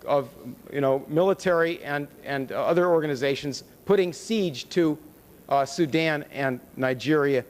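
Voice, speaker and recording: A man's voice: on the high side, measured pace. An American man giving a conference lecture in a conversational, sardonic way, with wry asides and rhetorical questions. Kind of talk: public lecture with slides. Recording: long hall reverb from a conference room.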